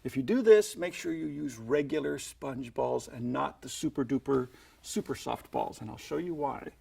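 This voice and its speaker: Gravelly-voiced man teaching magic tricks. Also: medium pitch, normal speed, warm tone. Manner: chatty demonstrator, playful sound effects like "boop". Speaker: magic instructor. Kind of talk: instructional magic tutorial.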